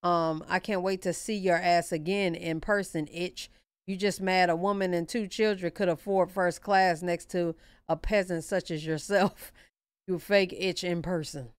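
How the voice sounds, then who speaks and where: A woman hosting a live reaction stream, blunt and profane, laughing and talking loudly over the clips. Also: fairly low pitch, fairly even intonation, a little slow, clean tone, no room sound, clean studio sound. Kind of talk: casual reaction commentary.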